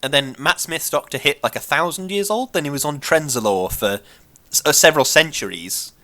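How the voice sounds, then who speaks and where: Lively, bright-voiced ranting podcast host. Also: male voice, on the high side, a little fast. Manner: animated, ranting indignation. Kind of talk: casual chat.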